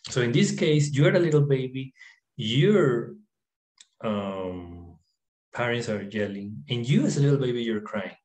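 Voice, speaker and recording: A man explaining ideas about the mind in his apartment, in a halting way with many fillers and restarts. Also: medium pitch, expressive, darkish tone, echoey room, rough recording. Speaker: self-help video presenter. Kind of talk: informal talk to camera, reading a text aloud. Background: dog barking, fireworks and freeway traffic outside.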